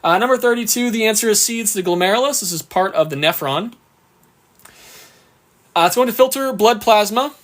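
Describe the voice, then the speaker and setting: High-voiced upbeat male tutor. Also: fairly bright tone. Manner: upbeat, reads questions slowly, thanks viewers often. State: hiccuping. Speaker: exam prep tutor. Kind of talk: live-stream Q&A lesson.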